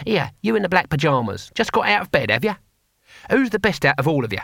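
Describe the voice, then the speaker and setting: A man's voice: on the high side, very animated, quick pace, gravelly, fairly bright tone, no echo, clean studio sound, full character voice. A man voicing a very old, blunt barbarian hero who mocks his foes. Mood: gruff. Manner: blunt and mocking.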